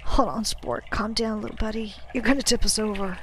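A gruff, protective old sailor in a storybook, coaxing and soothing in a steady middle register, as a woman reads him. He stammers now and then as he tries to keep a scared kid calm. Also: mid-range voice, brisk, a little hiss or hum, lightly acted, rough recording. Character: gruff kindly older male sailor, protective.

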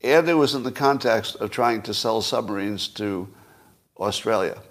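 A man's voice: lowish voice, moderate pace. A man hosting his own podcast, giving solo political commentary in a wry, skeptical way, full of rhetorical questions and dry chuckles. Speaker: podcast host.

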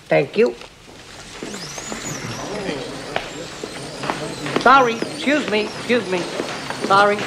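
A pushy, streetwise New York lawyer works the courtroom in a thick New York accent, fast and over-enunciated, with a lightly noisy film soundtrack. He apologizes in quick bursts and then presses on. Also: very high voice, exaggerated voice. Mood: brash, hurried. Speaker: defense lawyer cross-examining a witness.

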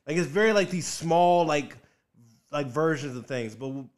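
A man's voice: a little high, normal speed. A young male comedian, a guest on a podcast, talking in a rambling casual way with many fillers and frequent laughs.

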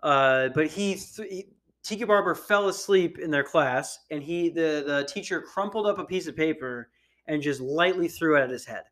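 A man's voice: on the high side, normal speed, fairly bright tone. A man in his twenties telling a rambling story in casual chat, swearing freely as a podcast host. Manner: profane, rambling, acts out voices in quotes.

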